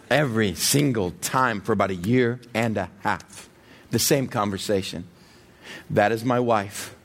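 A man preaching a sermon in an animated way, acting out everyday scenes with humor and asking the audience direct questions. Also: lowish voice, a little slow, a little hiss or hum. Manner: talks straight to the audience with questions. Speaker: pastor.

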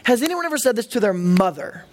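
A pastor preaching a sermon, animated and humorous, with comic asides to the congregation. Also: mid-range voice, fast talker.

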